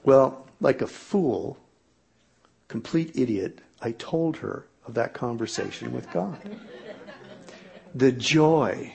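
A man's voice: mid-range voice, expressive, slow, gravelly, pauses often, darkish tone. A middle-aged man telling a humorous personal story to an audience in a self-mocking, exaggerated comic way.

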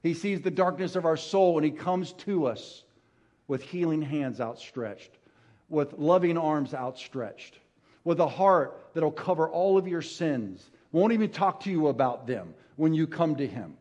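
High-voiced man preaching a sermon. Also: animated, unhurried, dull audio. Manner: storytelling, emphatic, swings from hushed to loud; engages audience with call-and-response.

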